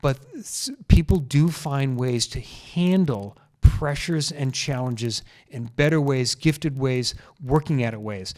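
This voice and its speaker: A man's voice: medium pitch, slow, hardly any pauses, darkish tone. A man hosting a solo health podcast, talking into a microphone in an earnest, casual way and repeating key phrases for emphasis. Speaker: chiropractor podcast host.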